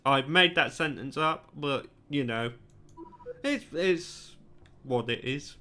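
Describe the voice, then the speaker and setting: Brief: male let's-play host, slow, easy commentary, bright tone. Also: fairly high pitch, soft background music. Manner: reads the dialogue aloud and comments in between. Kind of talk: casual game commentary.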